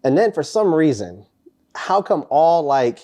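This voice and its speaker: A man hosting a casual podcast, telling crude, animated stories with loud acted quotes. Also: on the high side, unhurried. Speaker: podcast host, former Marine. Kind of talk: casual chat.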